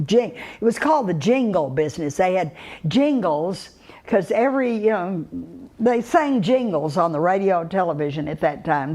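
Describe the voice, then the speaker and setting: A woman's voice: on the low side, a little mellow. An older woman with a Texan accent, telling stories of her acting career to a live audience in a folksy way, chuckling often and wandering through fillers. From Texas. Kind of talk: unhurried storytelling to a live audience.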